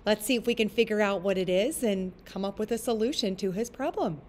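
A school librarian speaking to young children in a recorded lesson, explaining things step by step. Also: female voice, mid-range voice, fairly quick, a little hiss or hum. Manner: friendly teacher explaining step by step.

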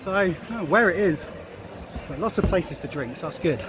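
A man's voice: high voice, expressive, normal speed. A man chatting and joking casually as he films himself walking a city at night, swearing now and then. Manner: chatty, jokey, laughs often, swears casually. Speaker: travel vlogger. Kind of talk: casual walk-and-talk vlog. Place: busy city street at night, outdoors. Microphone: handheld camera he films with. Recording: busy crowd and street noise.

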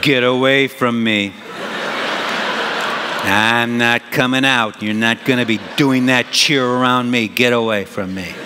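A man's voice: mid-range voice, steady tone, measured pace, bright, forceful tone. A preacher voicing a stubborn, grumbling husband who brushes his wife off, in a reverberant hall. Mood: grumpy. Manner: gruff, dismissive, half laughing. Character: stubborn slow husband, grumpy like a turtle. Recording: reverberant church hall, faint noise.

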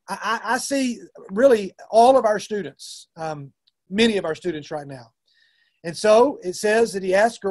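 A man's voice: high-pitched, lively intonation, normal speed. A middle-aged man with a Southern US accent, a youth minister giving an earnest, conversational talk to fellow ministers with frequent restarts.

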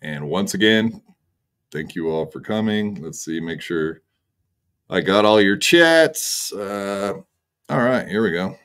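A man's voice: sits low, animated, takes it slowly, fairly bright tone, smooth. A man hosting a livestream, signing off in a laid-back way with crude jokes. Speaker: streamer host. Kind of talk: casual livestream sign-off.

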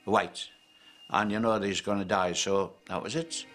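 Brief: elderly ex-soldier, lowish voice, blunt grim telling, music under. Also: male voice, fairly even intonation, normal speed, a bit bright. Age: older. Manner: plain, grim, matter-of-fact. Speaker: veteran interviewee. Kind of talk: reminiscing interview.

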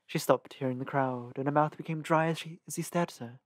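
A man narrating a novel as an amateur audiobook reader, with a lively, uneven reading and small self-corrections. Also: fairly high pitch, brisk, dry recording, studio quality.

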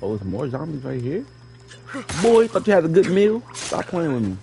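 A man giving live gameplay commentary, playfully trash-talking enemies and repeating excited catchphrases. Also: fairly high pitch, moderate pace, vocal fry, soft background music. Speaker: gaming streamer.

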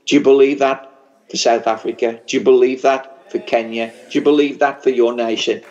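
Man, working-class English regional accent, fervent sermon, mid-pitched voice, slightly muffled recording. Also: steady tone, normal speed, darkish tone. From England. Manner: fervent, storytelling, builds to a blessing. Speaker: pastor. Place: large church conference hall.

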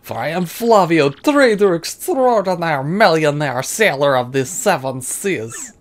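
A man whose voice sits on the high side uses lively intonation and a measured pace. For a let's play, he voices a pompous, vain rich male trader, theatrical and grandiose, with an exaggerated fake French accent.

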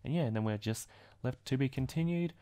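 A man's voice: medium pitch, fairly quick, mellow, smooth. A man hosting a casual comic recap video, chatty and rambling as he strings events together. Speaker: video host.

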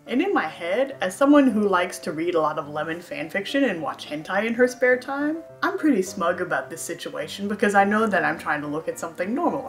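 A woman's voice: lowish voice, lively intonation, brisk, hardly any pauses, soft background music. A young woman vlogger telling a storytime tale in a sarcastic, self-mocking way. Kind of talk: storytime monologue.

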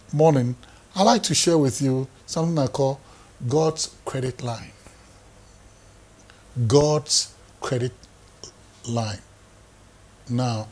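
A man's voice: medium pitch, slightly rough. A man, preaching a sermon in an emphatic way, repeating phrases for effect. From Ghana. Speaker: pastor.

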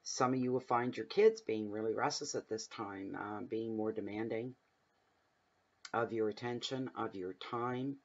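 A man's voice: on the low side, measured pace, dull audio. A man giving a casual tarot reading at home, talking in a rambling, chatty way that drifts into personal stories. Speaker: tarot reader. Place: home room at night, windows open.

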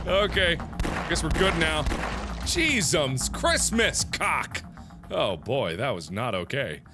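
A man giving let's play commentary on a video game, swinging between loud outbursts and mumbled planning. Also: on the high side, sing-song, slow pace. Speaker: gaming video host. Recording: game music clearly audible behind. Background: game music.

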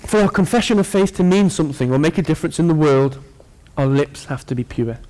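Male preacher, slightly higher voice, sermon delivery, earnest with joking asides to the congregation. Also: lively intonation, quick pace, darkish tone.

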